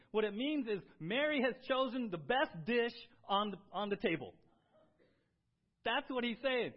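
A male pastor preaches with animated emphasis, his fairly high voice climbing as he drives a point home and stumbling over quick restarts. The recording is muffled and lo-fi, with the crisp top end dulled. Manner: animated, rising to emphatic highs, with repeated restarts. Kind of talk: sermon. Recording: dull lo-fi sound.

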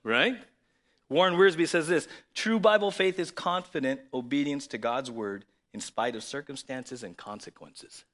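A man preaching a sermon to his church, lively and conversational, reading scripture aloud and then explaining it. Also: medium pitch, measured pace. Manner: lively, conversational preaching with sudden loud emphasis. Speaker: pastor.

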